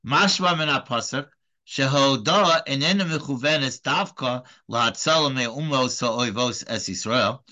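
Halting, earnest man teaching a class. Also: mid-range voice, pushed and bright. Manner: halting, many repeated words and restarts; earnest, emphatic. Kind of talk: informal recorded lecture.

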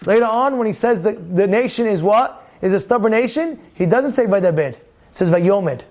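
Preaching on this week's Torah portion, a rabbi speaks emphatically, repeating phrases and posing rhetorical questions. He swings between loud outbursts and quiet asides, animated throughout and at a normal speed.

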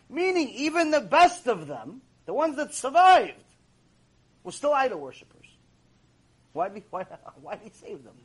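A rabbi teaches a Torah class in sermon style, preaching emphatically to a live audience in a warm lecture room, repeating key phrases and posing rhetorical questions straight to listeners. His voice is extremely high-pitched with a breathy edge.

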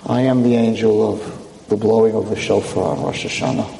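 A man's voice: lowish voice, fairly even intonation, brisk, creaky, mellow, echoey room, big-room sound, far from the mic, a little hiss or hum, voice pushed down, poor audio. A man doing a solemn shofar angel.

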